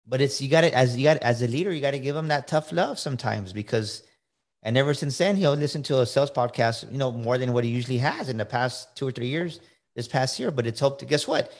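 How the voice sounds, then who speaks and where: A middle-aged man talks in a casual, emphatic way as a podcast guest coaching listeners. He stumbles and repeats words as he pushes his point, and he keeps asking "right?" to check they are with him. His voice sits at an ordinary pitch for a man. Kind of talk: casual motivational talk.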